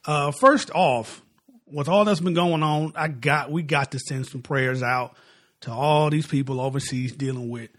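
A man's voice: fairly high pitch, unhurried, fairly bright tone. A man co-hosting a casual sports talk podcast, with a slight lisp and a laid-back, slangy way of talking. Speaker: podcast co-host.

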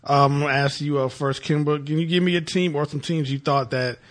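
A man with a slightly higher voice hosting a casual sports chat. He tells stories in an animated way, with laughing asides, and steers the talk along. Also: brisk. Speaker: podcast host.

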